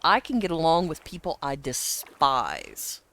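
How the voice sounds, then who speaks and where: A woman's voice: sits low, a little slow. A woman in her forties from the American South with a Southern accent, chatting casually and telling blunt, sassy stories. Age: 40s. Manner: animated storytelling, blunt and sassy. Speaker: streamer. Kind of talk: casual chat.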